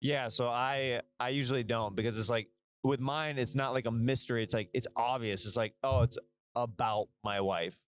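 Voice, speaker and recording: A man's voice: medium pitch, steady tone, brisk. A man with a middle-of-the-road voice hosts a casual chat from inside a moving car. He jokes, laughs easily and trips over his own restarts. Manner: joking, laughs often, stammering restarts. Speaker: podcast host.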